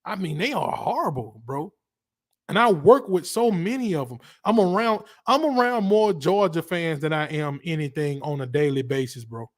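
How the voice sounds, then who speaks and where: A man from Alabama with a Southern accent, hosting a casual livestream and ranting about college football in a rambling, animated way full of slang. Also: a little high, moderate pace. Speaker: livestream host.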